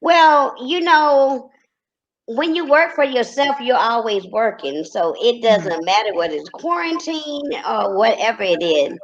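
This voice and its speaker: A woman from Texas with a Texas accent, a guest in a casual interview, talking in a relaxed, easygoing way. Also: a little high, unhurried, highs cut off. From Corsicana, Texas. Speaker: guest, reality TV personality.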